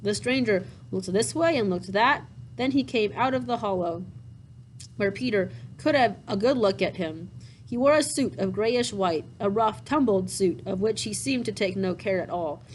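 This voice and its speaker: A woman reading a classic children's storybook aloud, pausing to explain things to young listeners in a gentle, chatty way. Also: medium pitch, a little hiss or hum, poor audio. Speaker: storybook reader.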